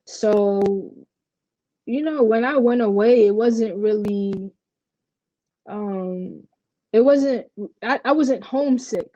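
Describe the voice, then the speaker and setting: Young woman from Puerto Rico, interview guest, candid storytelling, dark dull dry sound. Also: medium pitch, slow pace, long pauses, dry recording. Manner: candid, animated storytelling with many fillers. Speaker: interview guest, professional basketball player. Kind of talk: casual interview conversation.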